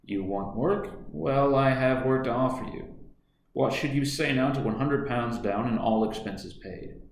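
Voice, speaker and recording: A suave, scheming middle-aged businessman as a man reads him aloud makes his offer in a smooth, coaxing tone. The audiobook voice rings in a roomy, echoey space at an ordinary pitch. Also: measured pace, natural voice. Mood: smooth persuasive. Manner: suave, coaxing, then menacing. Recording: echoey room.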